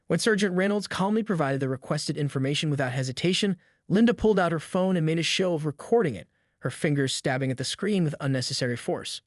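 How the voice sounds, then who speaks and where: A man narrating a scripted story in an even, descriptive way. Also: fairly high pitch, brisk, no echo, studio quality.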